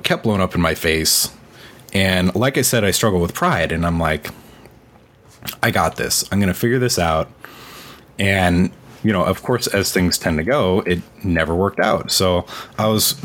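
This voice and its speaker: A man's voice: sits low, a bit bright. A man in his thirties telling a personal faith story in casual talk, earnest and full of fillers. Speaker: podcast co-host.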